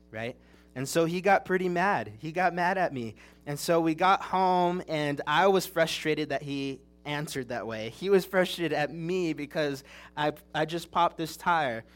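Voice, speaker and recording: A young man delivers a sermon in an earnest, chatty storytelling manner, and his voice sits a little higher than most men's. He is from Southern California. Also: moderate pace. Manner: earnest, conversational storytelling with restarts. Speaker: preacher.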